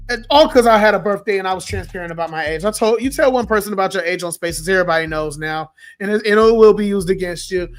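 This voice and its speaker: A man in his twenties with a hoarse, worn-out voice from a sore throat, telling a story in an animated, profane, ranting way. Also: high voice. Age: 20s. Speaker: social media host. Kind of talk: casual storytime rant.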